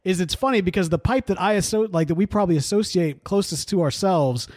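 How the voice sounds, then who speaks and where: A man co-hosting a podcast, talking in a relaxed way with lots of fillers and frequent laughter. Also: high-pitched, quick pace, no echo, studio quality. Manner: easygoing, laughs often, many fillers. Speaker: podcast co-host. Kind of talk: casual chat.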